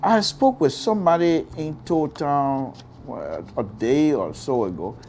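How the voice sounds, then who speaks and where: A man's voice: on the high side, animated, slow pace, a little mellow, a little hiss or hum. A man with a Liberian English accent hosting a radio call-in show, talking emphatically and often repeating himself. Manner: emphatic, repetitive, exclamatory. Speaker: radio talk show host. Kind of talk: political call-in radio commentary.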